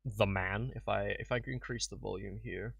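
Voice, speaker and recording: A man's voice: fairly low pitch, fairly even intonation, normal speed, gravelly, a bit bright, husky, recorded from a distance, lo-fi sound. A man hosting a stream, chatting casually and at length about how he edited his video. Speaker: video creator and stream host. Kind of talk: casual behind-the-scenes commentary.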